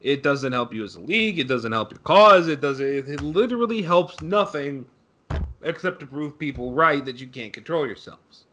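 A man's voice: fairly high pitch, sing-song, normal speed, bright, forceful tone, slight background noise. A young man co-hosting a casual sports podcast, sarcastic and ranting, swearing freely. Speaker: podcast co-host.

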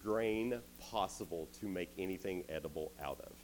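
Animated youth speaker. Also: male voice, deep voice, moderate pace, a little hiss or hum. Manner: animated, casual, many "like"s. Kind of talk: storytelling sermon to teens.

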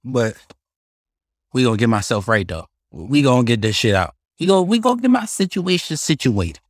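A man's voice: mid-range voice, moderate pace, dry recording. A young man chatting alone into a mic for his podcast, loose and profane with lots of slang. His voice leaps up and down as he tells stories. The sound is dry and close. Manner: animated, profane, slangy storytelling. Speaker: podcast host. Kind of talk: casual solo podcast storytelling.

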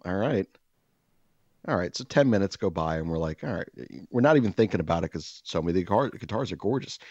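A man's voice: low voice, no room sound, dull audio. A man co-hosting a podcast, telling a long story in a casual way, acting out other people's lines and laughing often. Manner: animated storyteller who acts out quoted voices and laughs a lot. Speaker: podcast co-host.

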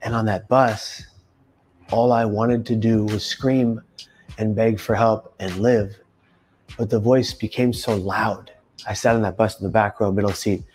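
A man in his thirties telling his own story in an emphatic testimony, rising to loud intense bursts. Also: on the low side, steady tone, a little slow, slight background noise. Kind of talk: personal testimony monologue.

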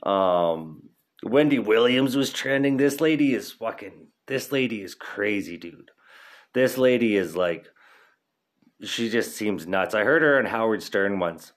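A man's voice: fairly low pitch, animated, measured pace. A young man hosting a podcast in casual chat, laid-back and rambling, swearing freely, stoned. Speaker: podcast host.

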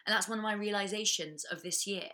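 Blunt, bright-voiced woman. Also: mid-range voice. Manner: blunt, swears freely, fast restarts. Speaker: podcast guest. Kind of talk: candid casual chat.

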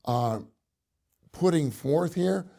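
A male minister delivers a sermon with slow, measured pacing and a gravelly rasp in his voice. His tone is dark and mellow, and his pitch sits a little higher than most men's. He drives his points home by deliberately repeating key phrases. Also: expressive. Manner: slow, deliberate preaching with emphatic repetition. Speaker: minister speaking to a congregation.

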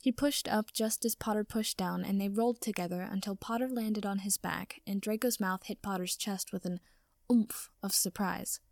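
A woman reading a story aloud as narrator, in a steady storytelling manner. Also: mid-range voice, moderate pace, creaky, few pauses, dry recording, clean studio sound. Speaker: audiobook reader. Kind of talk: fan fiction reading.

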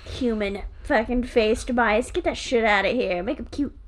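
A woman co-hosting a podcast in casual chat, animated, laughing often and swearing freely. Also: a little high, moderate pace. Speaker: podcast co-host.

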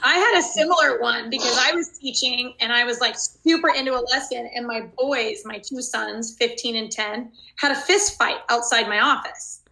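Woman teacher in her 40s, high, bright and forceful voice, animated storyteller on a video call. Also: moderate pace, few pauses. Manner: animated storytelling, acts out her own reactions. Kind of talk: casual chat.

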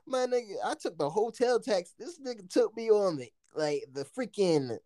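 A man telling a story in casual chat, animated and profane, laughing often and acting out what people said. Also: sits high, moderate pace, dry recording, studio quality.

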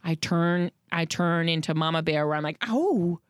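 A woman's voice: low voice, little pitch movement, moderate pace, clean tone, dry recording, clean studio sound. A woman co-hosting a casual podcast chat, telling a story animatedly, acting out voices and swearing freely. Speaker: podcast co-host, mother.

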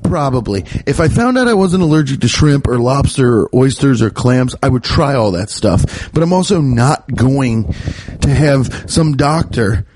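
A man's voice: medium pitch, animated, moderate pace, background noise. A man from the US Midwest hosting a show alone, ranting with swearing and laughing at his own jokes. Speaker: podcast host. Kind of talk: solo comedic rant. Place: at home by a window.

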